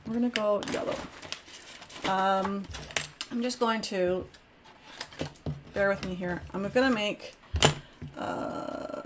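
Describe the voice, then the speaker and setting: A woman's voice: medium pitch, fairly even intonation, slow pace, pauses often, very noisy. A woman hosting a live crafting stream, chatting casually and self-deprecatingly as she works aloud. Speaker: crafting host.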